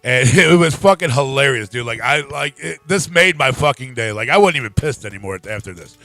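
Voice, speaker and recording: A man's voice: medium pitch, animated, fairly quick, bright, forceful tone, dry recording, faint music behind. A man hosting a live talk show, telling a profane story in casual chat and laughing often. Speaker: podcast host.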